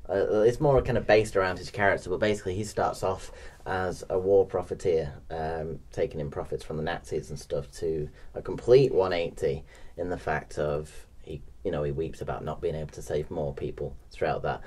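A man's voice: low-pitched, steady tone, moderate pace, darkish tone, husky. A man co-hosting a film podcast, chatting casually and hesitantly with lots of fillers and laughs. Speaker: podcast co-host.

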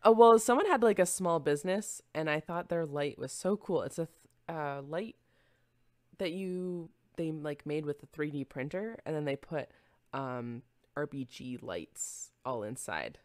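A woman's voice: deep voice, expressive, unhurried, a little mellow, no room sound. A young woman streamer chatting casually and rambling with her viewers, easily distracted and giggling often. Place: home room.

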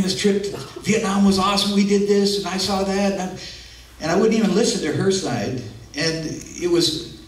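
Earnest male pastor giving a conversational sermon with personal asides, fairly high voice, echoey church, heard from a distance. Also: a little hiss or hum. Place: church sanctuary. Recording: echoey room, mic at a distance.

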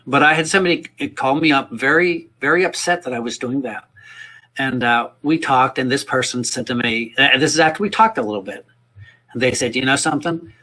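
A man with a husky, slightly rough voice leads a livestreamed workshop. He talks in an earnest, rambling way, restarting phrases and repeating words as he makes his point. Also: mid-range voice, brisk, pushed and bright. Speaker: music teacher leading a workshop. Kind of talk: casual spoken workshop talk. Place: indoors, livestream.

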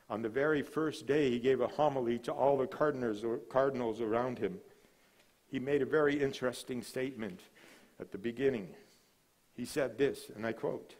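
A man preaching a sermon with a mid-range voice, building to proclaimed lines and then dropping almost to a hush. He tells stories in a relaxed, conversational way between the big statements. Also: mid-range voice. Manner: dramatic preaching with sudden drops to a hush; storytelling, relaxed asides. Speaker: guest speaker, missionary.

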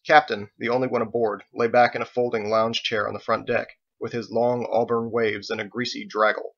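Author-narrator, male, bright gravelly tone, muffled lo-fi sound. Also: mid-range voice, fairly even intonation. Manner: measured storytelling. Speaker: author reading his novel. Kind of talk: audiobook narration. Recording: dull lo-fi recording.

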